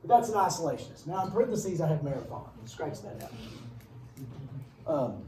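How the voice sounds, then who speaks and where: A man's voice: fairly high pitch, very animated, normal speed, warm tone. A male history teacher giving a casual classroom lecture, rambling with joking asides. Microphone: far camera. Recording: echoey room from far off.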